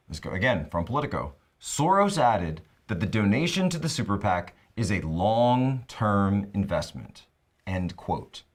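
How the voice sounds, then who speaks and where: A male talk show host delivers a punchy monologue with a sarcastic edge. His voice sits low but swings widely in pitch as he drives his points home. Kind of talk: monologue commentary.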